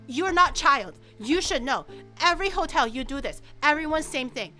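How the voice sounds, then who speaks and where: A woman's voice: high voice, moderate pace, sharp tone, faint music behind. A woman voicing an impatient, rude male hotel clerk who scolds in curt, broken English. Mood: scolding.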